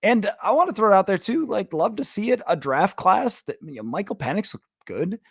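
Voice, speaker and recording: A man's voice: sits high, very animated, brisk, gravelly, husky, dry recording, studio quality. A man hosting a sports podcast, chatting casually, opinionated and ranting at times, with frequent filler sounds. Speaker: podcast host.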